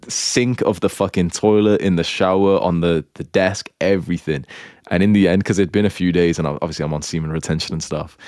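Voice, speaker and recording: A man's voice: sits low, darkish tone, no room sound, clean studio sound. A young man with a blunt, crude manner, rambling through a casual monologue as a dating coach, filling his talk with "like". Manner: rambling, heavy use of "like".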